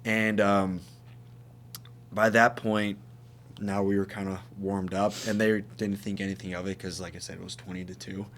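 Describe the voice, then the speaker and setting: Young male podcast co-host, low voice, rowdy storyteller. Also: moderate pace, a little hiss or hum. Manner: animated, swearing, laughing while telling stories. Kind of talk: casual storytelling chat.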